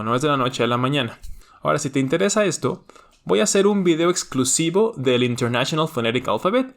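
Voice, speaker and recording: A man's voice: medium pitch, creaky, fairly bright tone. A young man, a native Spanish speaker, teaching a language lesson and explaining points to the viewer while checking in often. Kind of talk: educational video lesson.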